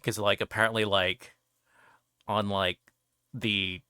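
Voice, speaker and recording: A man's voice: on the low side, flat delivery, takes it slowly, sharp tone, smooth, dry recording, clean studio sound. A male guest in a casual chat, rambling with frequent restarts and fillers.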